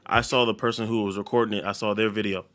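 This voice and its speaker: A man co-hosting a casual talk show gives his view slowly and with caution. His voice is fairly low but very bright and forward. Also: little pitch movement. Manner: careful, hedging, measured. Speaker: co-host. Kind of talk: casual chat.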